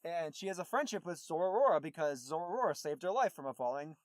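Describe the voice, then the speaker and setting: High-voiced man rambling on a podcast. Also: animated, fast talker, no echo, studio quality. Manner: rambling, lots of fillers and restarts. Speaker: podcast co-host. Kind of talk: casual podcast chat recapping a movie.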